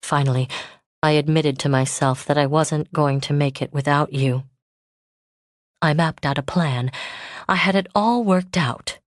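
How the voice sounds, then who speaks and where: A woman voicing a man in a romance audiobook, who pours out a long-held love in a low, strained, earnest tone. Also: unhurried, no echo, clean studio sound.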